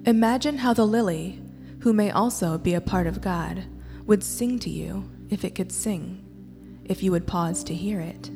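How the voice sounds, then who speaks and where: Woman, poetry reading, measured, mellow, reverberant hall. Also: medium pitch, gravelly. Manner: slow, measured recitation. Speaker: poetry reader. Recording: reverberant church hall, faint music.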